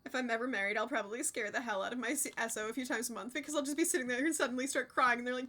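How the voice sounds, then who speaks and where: Young woman streamer, high voice, bright tone, chatty, expressive, swears freely, casual gaming chat. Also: fast talker. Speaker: game streamer.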